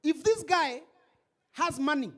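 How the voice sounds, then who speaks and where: High-voiced man hosting a comedy night. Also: slow. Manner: animated, switches between English and Swahili. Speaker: comedy show host. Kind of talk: stand-up comedy. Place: stage.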